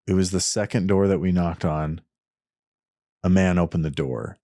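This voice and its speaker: A man with a very low voice speaks earnestly to his podcast listeners and explains his ideas step by step. He often restarts his sentences as he thinks aloud. The sound is dry and close, with almost no room echo. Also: a little mellow. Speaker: podcast host. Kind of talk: reflective solo podcast talk.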